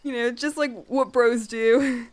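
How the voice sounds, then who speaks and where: A young woman streamer casually retelling a book she loves, animated, full of fillers and acted-out quotes. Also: fairly high pitch, unhurried. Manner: animated storyteller, lots of "like", acts out dialogue in quotes. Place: home room while drawing on stream.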